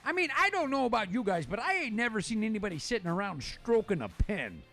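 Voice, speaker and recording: A man's voice: sits high, sing-song, fast talker, vocal fry, bright, forceful tone, faint music behind. A man hosting a live sports talk show, playful and rambling as he jokes and reads out viewer comments.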